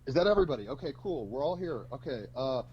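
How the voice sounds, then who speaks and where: A man playing a brisk male soldier who splits his squad into teams. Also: mid-range voice, lively intonation, dull audio, a little hiss or hum, close to an everyday voice. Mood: bossy. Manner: bossy and upbeat.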